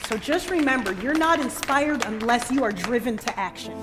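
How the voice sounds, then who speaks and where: A woman's voice: on the high side, expressive, moderate pace, hardly any pauses. A woman musician giving a bold, sassy, joking speech from a stage. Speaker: musician and disability advocate. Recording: live hall with long reverb.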